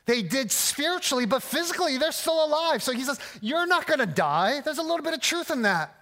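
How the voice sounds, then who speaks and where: A male pastor delivering a sermon in a noticeably high voice. He talks in an earnest, emphatic way and often stumbles and restarts his phrases. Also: expressive, quick pace, gravelly, pushed and bright.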